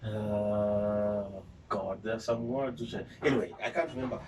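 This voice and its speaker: A man with a Kenyan accent, a journalist guest chatting casually and telling animated stories, slipping between English and Swahili. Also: on the low side, moderate pace, far from the mic, slight background noise. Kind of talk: casual interview chat.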